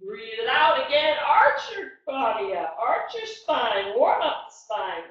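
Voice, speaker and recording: Bright-voiced woman guiding kids' yoga. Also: high-pitched, big pitch swings, a little slow. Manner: encouraging, coaxing instructions to children. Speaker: kids yoga teacher. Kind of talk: online kids yoga class. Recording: muffled echoey room.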